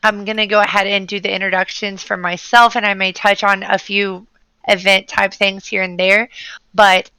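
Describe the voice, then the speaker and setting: A woman's voice: medium pitch, level tone, moderate pace, bright, forceful tone, clear, resonant tone, no room sound, low-quality recording. A woman opening an online community meeting on a livestream, a little under the weather and chatty. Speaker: meeting host.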